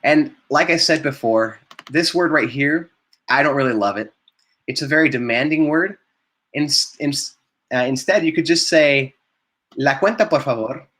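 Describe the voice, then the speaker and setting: This is a man leading a live online Spanish class, with a clearly bright, forward-sounding voice. He models vocabulary, explains pronunciation, and keeps praising his students as he goes. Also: fairly high pitch, normal speed. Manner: encouraging, repeats words and praises students.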